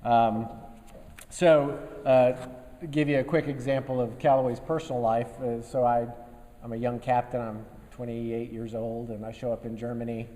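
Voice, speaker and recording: A man in his fifties, an army general, giving a relaxed after-lunch speech to a business group, telling folksy stories with dry humor and many fillers. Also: medium pitch, normal speed. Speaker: guest speaker, army general. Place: meeting room before a live audience. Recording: long reverb of a meeting hall.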